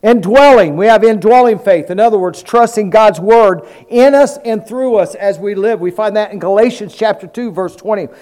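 High-voiced animated preacher man. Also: normal speed, hardly any pauses. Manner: animated preaching, acting out Bible scenes, calls for amens. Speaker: pastor. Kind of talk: sermon.

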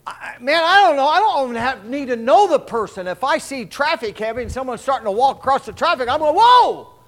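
A man with a notably high voice preaches a sermon in a loose, folksy way. He rambles through stories and tosses out quick asides, asking the congregation to answer back. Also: animated, a bit bright. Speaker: pastor.

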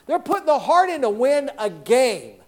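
A man in his sixties preaching a sermon in a folksy, animated way, calling out to the congregation for responses. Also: extremely high pitch, normal speed. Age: 60s.

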